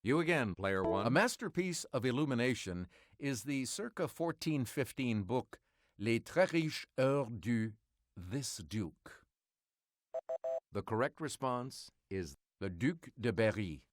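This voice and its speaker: Here a man hosts a quiz game, giving each clue and answer in a precise, measured announcer voice. Pitched at a typical male middle height, his expressive delivery moves freely, captured in clean studio sound with no room tone.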